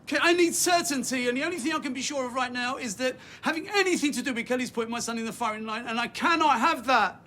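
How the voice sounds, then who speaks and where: A man's voice: high voice, animated, a little fast, fairly bright tone, slight background noise. A middle-aged actor playing an anxious father who talks in an urgent, insistent and pleading way.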